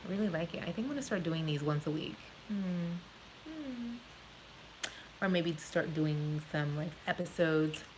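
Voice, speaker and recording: A woman's voice: fairly low pitch, lively intonation, a little slow, a little mellow, a little hiss or hum, poor audio. A woman with a New Jersey accent, born in Puerto Rico, chatting frankly and swearing freely on a live stream with viewers. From born in Puerto Rico, raised in New Jersey. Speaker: vlogger answering live viewer questions. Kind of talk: casual live-stream chat.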